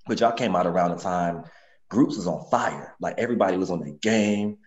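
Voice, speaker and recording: A man hosting a podcast, asking relaxed questions in a casual interview. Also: low-pitched, a little fast. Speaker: podcast host. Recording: dull lo-fi sound.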